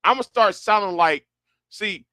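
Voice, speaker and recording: A man's voice: high-pitched, normal speed, bright, forceful tone, dry recording. A man chatting casually and rambling, often stumbling and restarting his words, with a broad sound. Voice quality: stammering, many restarts. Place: Houston, Texas.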